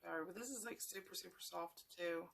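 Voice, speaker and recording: Hosting a craft tutorial, a woman talks to her viewers in a chatty, wandering way while she works, a bit sleepy and yawning. Her voice is fairly low, creaky and a bit bright, and she speaks fairly quickly.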